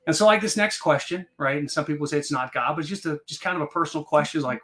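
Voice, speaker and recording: A man guest on a podcast talks in quick, tumbling bursts with lots of ums and restarts. His voice sits a little above average in pitch. He sounds animated and keeps rambling on. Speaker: podcast guest, real estate investor. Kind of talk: casual storytelling.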